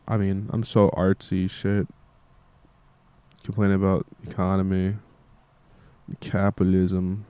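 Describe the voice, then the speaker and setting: A man's voice: deep voice, level tone, a little slow, pauses often, mellow, clear, resonant tone, no room sound. A tired young man who makes music, talking in a meandering casual monologue and swearing freely. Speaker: musician vlogger.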